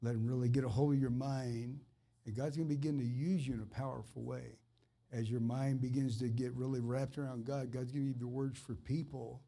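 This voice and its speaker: A man's voice: medium pitch, level tone, a little fast, creaky, warm tone. Earnest man preaching informally. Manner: earnest, conversational, fervent. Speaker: minister. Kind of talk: informal preaching and personal ministry.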